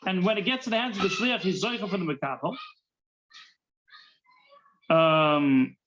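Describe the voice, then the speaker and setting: High-voiced rabbi teaching Talmud. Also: male voice, normal speed, fairly bright tone, highs cut off. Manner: mixes Hebrew-Yiddish terms into English, repeats words while thinking. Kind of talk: Talmud class.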